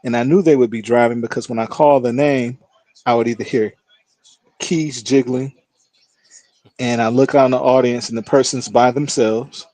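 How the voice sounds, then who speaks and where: A man's voice: mid-range voice, moderate pace, no room sound. A man who is a judge, telling courtroom stories as a guest in a casual interview. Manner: lively storyteller who acts out voices.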